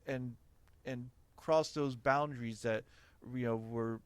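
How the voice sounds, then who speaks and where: A man's voice: mid-range voice, fairly even intonation, takes it slowly, clean tone, dry recording. A middle-aged man hosting a podcast, talking frankly and opinionatedly in casual chat, laughing often. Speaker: podcast host.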